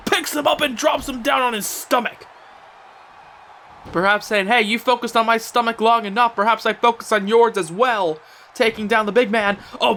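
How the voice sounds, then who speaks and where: Over slight background noise, a young man with a high-sitting voice gives excitable play-by-play on a wrestling video game, shouting out at the big moves.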